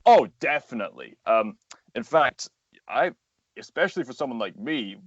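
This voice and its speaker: A man's voice: medium pitch, sing-song, moderate pace, husky, dry recording. Earnest young man explaining, lo-fi sound. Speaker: guest, voice actor and animator. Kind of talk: casual interview talk. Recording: dull lo-fi sound, dry.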